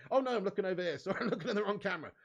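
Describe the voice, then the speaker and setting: A man's voice: high-pitched, lively intonation, rapid-fire, creaky, fairly bright tone. A man hosting a casual fan live stream, chatty and laughing often, swearing freely and reading viewer comments aloud.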